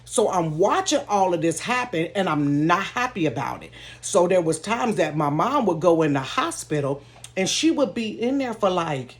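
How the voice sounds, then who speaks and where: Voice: mid-range voice, sing-song, moderate pace. A vlogger telling a personal story casually and candidly from their bedroom, talking straight to viewers and laughing now and then. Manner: talks straight to viewers, calling them "y'all"; candid and emotional, with laughs in between. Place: own bedroom.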